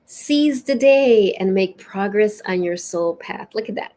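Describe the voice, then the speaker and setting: A woman hosts a live spiritual session in a relaxed, chatty way. She reads oracle cards aloud with an expressive, lilting delivery. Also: mid-range voice, moderate pace. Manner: warm, chatty, lilting and expressive, with soft laughs. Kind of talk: casual live-stream chat and oracle card reading.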